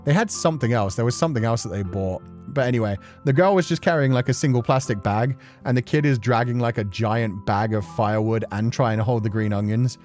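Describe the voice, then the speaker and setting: Young male streamer, casual storyteller, mid-pitched, chatty and laughing. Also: a little fast, hardly any pauses, darkish tone, soft background music.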